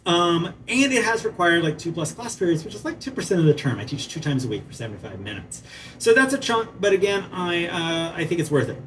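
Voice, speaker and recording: A man gives a conference talk in a museum theater, talking in an animated, conversational way and tossing in "right?" to check in with the crowd. His voice sits a touch high, picked up from a distance with faint room ambience behind it. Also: brisk, a little hiss or hum. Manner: animated, asks "right?" often, chatty asides. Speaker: conference presenter and playwriting teacher.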